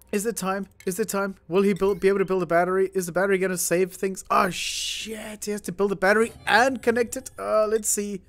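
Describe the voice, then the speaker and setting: A man commentating his first try at a game, panicking, laughing and yelling at his characters, then calming down to talk to viewers. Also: high voice, a little fast, few pauses, dry recording. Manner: calmer, chatty sign-off to viewers. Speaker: gaming YouTuber. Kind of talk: let's play commentary.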